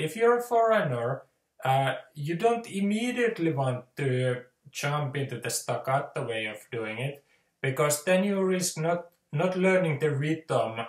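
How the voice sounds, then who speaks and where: A man's voice: medium pitch, reverberant. A man with a Finnish accent teaching pronunciation in a casual, hesitant way, with many filler sounds. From Finland. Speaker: language teacher. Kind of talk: casual spoken lesson.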